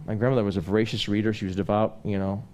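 With a fairly low pitch and rapid-fire delivery, a man preaches a sermon full of personal anecdotes told in a loose, conversational style, escalating into animated preaching.

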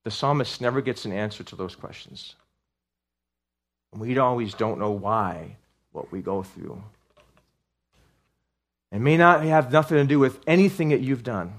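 A man's voice: mid-range voice, lively intonation, a little slow, pauses often. A man preaching a sermon to a congregation, talking in an earnest, conversational way with restarts and asides, then rising into fervent outbursts as he reads scripture aloud. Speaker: pastor.

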